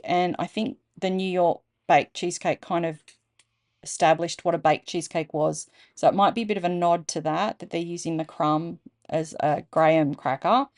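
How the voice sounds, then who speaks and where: A low, gravelly Australian woman reads a dessert and cheese menu aloud, stopping often for chatty asides. She teases her listeners and muses over odd dish names, her voice full of fry. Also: a little mellow. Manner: playful, chatty, quick asides and teasing. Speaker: channel host reading menus.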